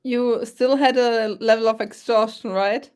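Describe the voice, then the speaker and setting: A woman running a tabletop game as game master, describing scenes in a chatty, halting way. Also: on the high side, fairly even intonation, a little mellow, clear, resonant tone.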